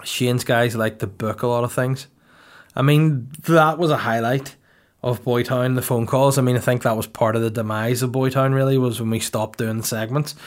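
A young man chats loosely on a podcast. He rambles from tangent to tangent with crude jokes and frequent laughter. His voice sits in an ordinary middle pitch. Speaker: podcast co-host. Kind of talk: casual comedic podcast chat.

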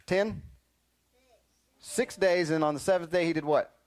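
A man teaching a lively Bible lesson to children, quizzing them and often calling "listen up" to get their attention. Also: fairly high pitch, a little slow. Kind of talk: animated Sunday school lesson.

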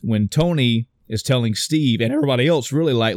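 Brief: young adult man, casual movie recap, animated and profane, dry close sound. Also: medium pitch, a little fast, few pauses, no echo. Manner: animated retelling with swearing and acted quotes. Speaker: podcast co-host discussing a movie. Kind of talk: casual chat.

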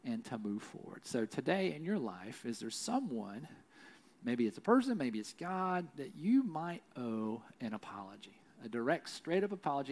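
A middle-aged man preaching a sermon in a conversational way, often adding "right?" and slowing to a hush on key lines. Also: mid-range voice, sing-song. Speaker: pastor.

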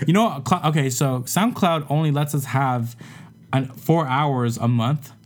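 A man's voice: medium pitch, unhurried. A young man co-hosting a podcast, teasing his friends in slangy banter and steering the talk along. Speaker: podcast co-host.

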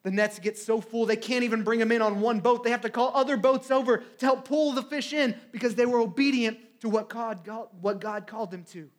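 A man's voice: extremely high pitch, steady tone, fairly quick, hardly any pauses. A man preaching a sermon in a conversational way, often asking "right?" and acting out quotes.

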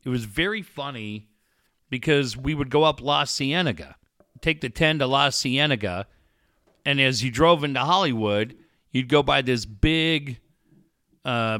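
California guy, bright lively voice, animated storyteller, dry close sound. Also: medium pitch, a little slow, dry recording. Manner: animated storyteller, acts out quotes. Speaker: sports talk co-host. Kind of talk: casual sports chat.

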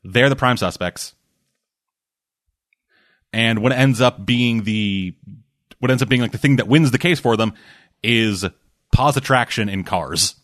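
A man's voice: mid-range voice, a little slow, pauses often, dry recording, studio quality. A man chatting casually about movies and shows, rambling and swearing, with lots of restarts. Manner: rambling, profane, acts out quotes loudly.

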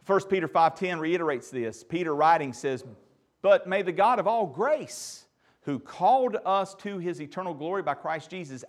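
A middle-aged man preaching a sermon as pastor, his voice rising to loud peaks and dropping to near-whispers. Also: on the high side.

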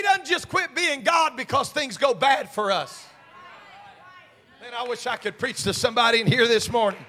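High, bright-voiced preacher in a big church. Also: male voice, moderate pace. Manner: swings from quiet talk to shouted preaching; call-and-response with congregation. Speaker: senior pastor. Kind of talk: sermon. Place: church sanctuary. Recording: long reverb of a church hall.

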